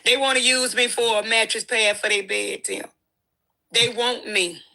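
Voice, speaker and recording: A woman's voice: fairly high pitch, steady tone, a little slow, vocal fry, bright, forceful tone. A woman talking as a guest in a livestream chat, brash and sassy, trading insults. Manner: sassy, brash trash talk.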